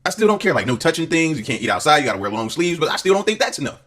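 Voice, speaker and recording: A man's voice: a little high, big pitch swings, very fast, a bit bright. A man giving casual, rambling commentary in a video. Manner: chatty, rambling. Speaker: video narrator.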